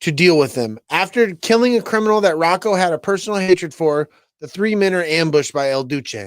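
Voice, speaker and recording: High-voiced, excitable podcast co-host man. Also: fairly quick, dry recording. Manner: excitable, laughs a lot, profane. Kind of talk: casual chat.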